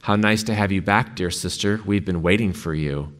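A mind-controlled boy speaks in a cold, flat tone, as a very deep-voiced man reads him. Every line is calm and emotionless, from a story told aloud. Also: normal speed.

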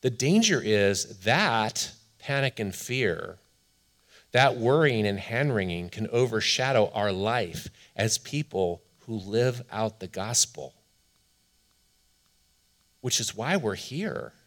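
Guy pastor preaching a sermon, lowish voice, earnest, leans hard on the big lines. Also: expressive, fairly bright tone. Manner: earnest, emphatic, slows down to stress key lines.

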